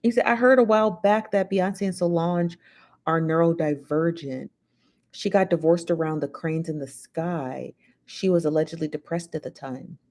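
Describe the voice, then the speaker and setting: A woman's voice: deep voice, steady tone, moderate pace, darkish tone. A woman hosting a live show, chatting casually and reading out viewer comments in a rambling, gossipy way, full of fillers.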